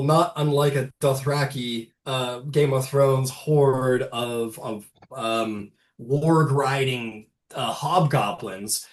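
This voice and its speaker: A man narrating a tabletop game as game master, rambling loosely with fillers and swearing. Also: medium pitch. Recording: roomy, distant mic.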